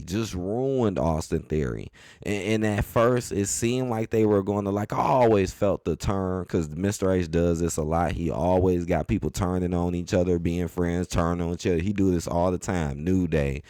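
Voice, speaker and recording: Deep-voiced man ranting casually. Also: dry recording, studio quality. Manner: animated, repetitive, colloquial. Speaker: wrestling commentary host. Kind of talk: casual opinion rant.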